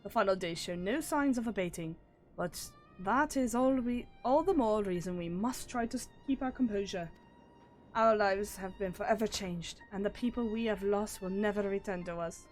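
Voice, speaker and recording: A woman reading the lines of a composed village elder from a game, measured and solemn. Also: medium pitch, faint music behind, natural voice.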